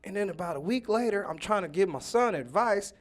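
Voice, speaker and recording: A man's voice: sits high, lively intonation, fairly quick. A man with a Dayton, Ohio accent doing a stand-up set on a club stage, telling a profane story about his kids. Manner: profane, storytelling, builds to shouting punchlines. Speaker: stand-up comedian.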